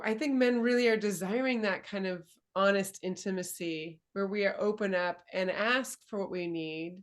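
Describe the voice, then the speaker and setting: A woman who works as a dating and embodiment coach hosts a casual conversational interview in a mid-pitched voice. She's thoughtful, searches for her words, and laughs gently.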